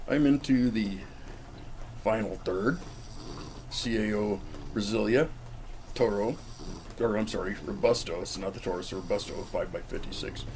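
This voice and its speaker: A man with a fairly low voice rambles through a cigar review, joking and chatting straight to the camera. He's outdoors, with a faint hum of background noise behind him. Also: moderate pace, pauses often, darkish tone. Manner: chatty, jokey, talks straight to the viewer. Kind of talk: casual rambling vlog review. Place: outdoors in the cold.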